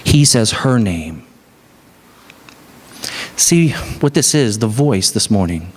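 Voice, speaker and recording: A pastor delivers an Easter sermon, telling stories in a conversational, animated style with building emphasis. His voice is fairly low and his pace slow.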